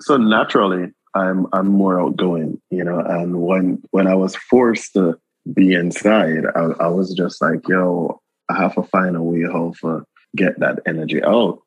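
A young Jamaican man chatting as an interview guest, telling stories in a laid-back, animated way. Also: low-pitched, unhurried, slightly rough, dry recording, highs cut off. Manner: laid-back, animated storytelling with frequent asides. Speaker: guest creative. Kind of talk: casual conversational interview.

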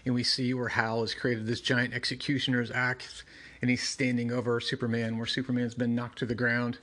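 A man's voice: mid-range voice, completely flat delivery, normal speed, fairly bright tone. A man casually narrating and commenting on a comic book, conversational with fillers and side remarks. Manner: conversational, many fillers and asides. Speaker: comic book reviewer and reader.

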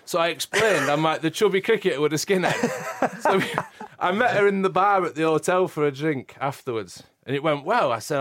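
Podcast co-host, a man with a high voice, giggly raconteur. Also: lively intonation, a little fast, hardly any pauses, fairly bright tone. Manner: laughs often while telling stories. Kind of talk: casual chat, anecdotes.

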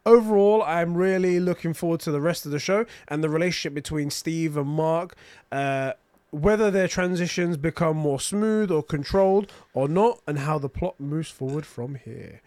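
A man's voice: on the high side, normal speed, a little mellow, no echo. A man co-hosting a casual show review chat, mostly giving short agreeing replies and reading out viewer notes. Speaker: podcast co-host.

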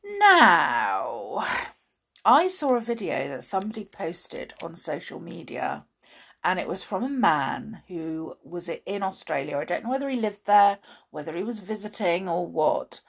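A woman's voice: fairly low pitch, animated, vocal fry, slightly rough. A woman hosting a podcast in a playful, chatty way, drawing out words for emphasis. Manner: playful, drawn-out emphasis, chatty with many fillers. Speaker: podcast host. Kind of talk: casual chat to listeners.

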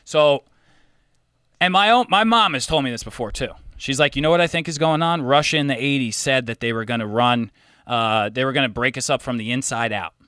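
A man's voice: medium pitch, brisk, clear, resonant tone, no room sound, clean studio sound. A man hosting a podcast, telling stories animatedly and swearing a lot. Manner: animated storyteller, swears a lot, mimics others. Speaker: podcast host. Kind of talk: casual chat.

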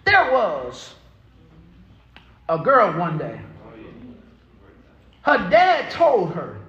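Man, Southern US accent, pastor, very high and bright voice, lively swooping pitch, shouting sermon, echoey church. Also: drawn-out words, lo-fi sound. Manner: preaching with rising shouts and storytelling.

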